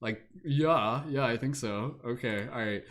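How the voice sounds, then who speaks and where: A man's voice: medium pitch, measured pace, fairly bright tone. Young male host, casual and rambling, lots of fillers and self-corrections. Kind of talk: casual improv game hosting.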